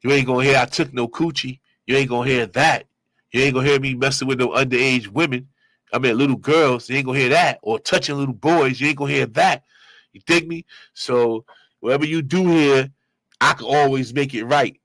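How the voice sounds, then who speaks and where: A man hosting his own show, giving loose, slangy street commentary and shout-outs. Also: medium pitch, fairly even intonation, a little fast, no room sound. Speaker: show host reacting to clips. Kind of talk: casual commentary.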